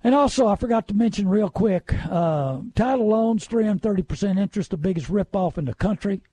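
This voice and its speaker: A middle-aged radio host with a drawl, ranting in a folksy, indignant way. His voice sits high but sounds dark and husky, with a gravelly edge. The sound is dry and close. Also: lively intonation, a little fast, dry recording. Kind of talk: opinionated radio talk.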